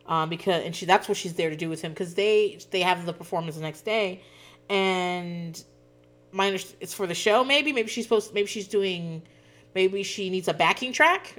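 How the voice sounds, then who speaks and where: Thirties woman, podcast host, lower-pitched voice, casual and profane recap chatter. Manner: chatty, profane, laughs often. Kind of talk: casual chat recapping a reality show.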